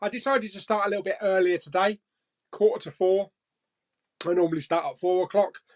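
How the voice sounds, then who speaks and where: A man's voice: sits high, steady tone, fairly quick. A man hosting a casual live chat stream and reading viewer comments, jokey, laughing often and swearing casually.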